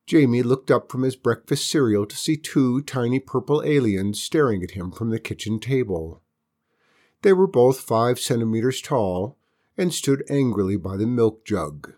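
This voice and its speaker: A woman storyteller reading a children's story aloud in an expressive, measured way. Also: extremely low pitch.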